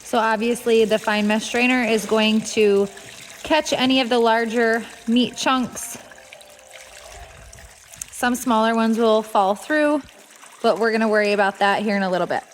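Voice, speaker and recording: A woman explaining a kitchen task step by step in a relaxed, casual tutorial, with the odd filler. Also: a little high, unhurried, a little hiss or hum. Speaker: homestead cooking instructor. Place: home kitchen.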